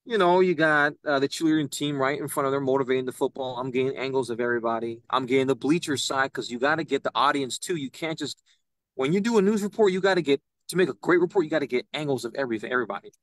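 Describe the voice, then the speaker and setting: A young man, a podcast guest, telling an animated story and acting out the people he quotes. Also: medium pitch, quick pace, no room sound. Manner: excitable, acts out quoted voices. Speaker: podcast guest, citizen news reporter.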